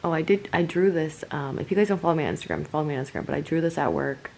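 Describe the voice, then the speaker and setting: A woman's voice: racing, vocal fry, darkish tone, a little hiss or hum, rough recording. Chatty young woman vlogging at home. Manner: chatty, switches to high baby talk with the kitten. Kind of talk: casual vlog chat. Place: home bedroom, indoors.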